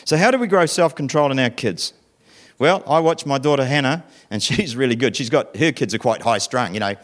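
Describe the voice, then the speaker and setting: A man's voice: mid-range voice, fairly quick. A middle-aged man preaching a conversational sermon, telling stories, acting out voices and questioning his listeners. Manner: animated storytelling, acting out voices, asking the audience questions.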